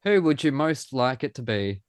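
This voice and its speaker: A man's voice: medium pitch, very animated, moderate pace, clear, resonant tone, dry recording. An Australian-raised man co-hosts a podcast in a joking, self-deprecating way. He swears casually and sounds close and dry. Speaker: podcast co-host.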